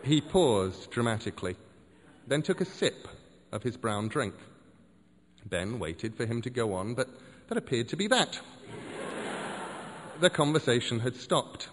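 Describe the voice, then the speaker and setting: Man with an expressive storytelling voice. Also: mid-range voice, unhurried, long pauses, big-room sound, noisy background. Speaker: narrator. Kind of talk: scripted narration of a story.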